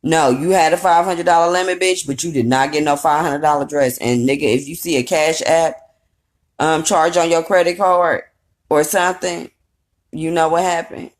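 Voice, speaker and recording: A woman with a deep voice recaps a reality show at a normal speed and in a steady tone. Her commentary is casual and rambling, full of fillers and asides, blunt, profane, and a bit sassy.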